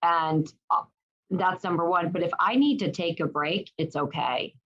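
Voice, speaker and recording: A middle-aged woman, a guest, telling a personal story in a lively, animated way with many restarts. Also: lowish voice, normal speed, husky. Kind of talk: casual storytelling in an interview. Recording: dull lo-fi sound.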